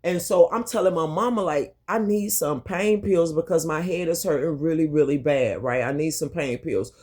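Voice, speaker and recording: A woman's voice: low voice, moderate pace, darkish tone, breathy edge. Candid woman telling a storytime. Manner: candid, emphatic, swears freely; addresses viewers directly, repeats herself for emphasis. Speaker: vlogger. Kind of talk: storytime monologue to camera.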